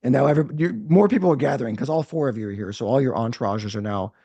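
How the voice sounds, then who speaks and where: A man's voice: medium pitch, very fast, vocal fry, dark tone, dry recording, lo-fi sound. A man narrating as game master of a tabletop role-playing game, rambling with frequent restarts. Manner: rambling, hesitant, many restarts.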